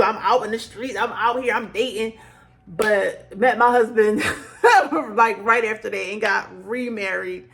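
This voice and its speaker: A middle-aged woman telling her own story to camera in a chatty, animated way, full of fillers and acted-out quotes. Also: mid-range voice. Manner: chatty and animated, acts out quoted lines with laughter; conversational, frequent fillers like "like" and "child". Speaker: beauty vlogger.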